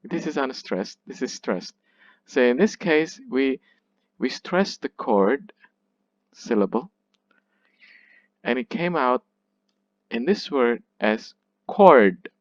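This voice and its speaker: A man teaching a literature class at an unhurried pace, often repeating himself. The sound is dry with no room echo, and a little muffled and dull. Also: mid-range voice, expressive. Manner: slow, repeats words, restarts. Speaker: literature lecturer. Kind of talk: classroom lecture.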